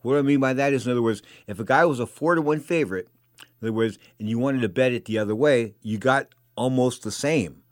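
On his boxing talk radio program, an older host rambles quickly, airing strong opinions and repeating himself again and again. His mid-range voice is recorded close on a studio mic, dry with no room sound.

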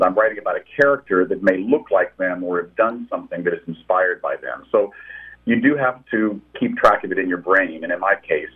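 A man's voice: low voice, husky. A man, a novelist, answering interview questions and telling stories about his books, with frequent restarts. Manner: storytelling, thoughtful, with frequent restarts. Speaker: novelist guest. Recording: tinny phone line.

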